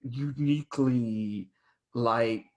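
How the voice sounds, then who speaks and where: Brief: mid-pitched man, easygoing reading-night host, lots of "like" and "um". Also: extremely slow, lo-fi sound. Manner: relaxed, hesitant, many fillers. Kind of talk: casual hosting on a video call.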